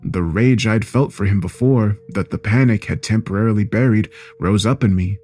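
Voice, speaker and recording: A man's voice: lowish voice, normal speed, a little mellow. A man reading a first-person horror story aloud in a dramatic, scripted narration.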